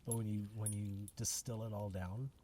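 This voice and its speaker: Male podcast host, low warm voice, earnest and reflective, mic a bit far off. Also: level tone, normal speed. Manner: reflective, earnest, many restarts. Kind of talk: casual conversation. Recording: distant mic with faint noise.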